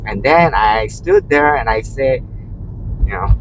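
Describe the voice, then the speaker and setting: Lively rambling man in a car. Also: medium pitch, a little slow, low-quality recording. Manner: rambling, full of "you know" and restarts; acts out quotes in a raised voice. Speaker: rideshare driver. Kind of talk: casual storytelling while driving. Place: inside a moving car. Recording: faint car road noise.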